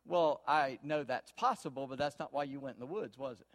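A man preaching a sermon, folksy and storytelling, swinging from quiet asides to loud emphasis. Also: mid-range voice, brisk. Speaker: pastor.

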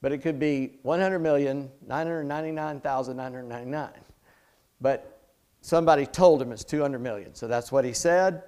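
A man's voice: mid-range voice, moderate pace, darkish tone, smooth. A middle-aged man preaching a sermon in a conversational way, with chatty asides and jokes. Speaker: pastor.

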